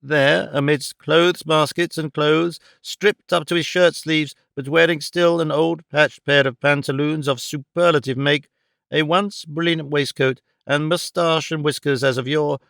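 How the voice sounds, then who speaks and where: A man narrating a classic novel in a measured, expressive way. His voice sits a touch high and sounds smooth and resonant. The recording is dry and close, as from a studio. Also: no echo. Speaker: audiobook narrator. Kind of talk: scripted narration.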